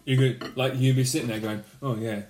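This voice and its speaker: A man co-hosting a casual chat, with a mid-pitched voice that carries a roomy echo. He tells stories and slips into other people's lines as he goes. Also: flat delivery, a little fast, a little mellow, a little hiss or hum. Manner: storytelling, acts out others in quoted voices. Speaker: podcast co-host.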